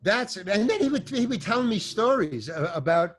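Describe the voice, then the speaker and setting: An older man, an actor, telling animated, rambling stories as a podcast guest, swearing and restarting his sentences. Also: sits high, moderate pace. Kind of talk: storytelling in a podcast interview.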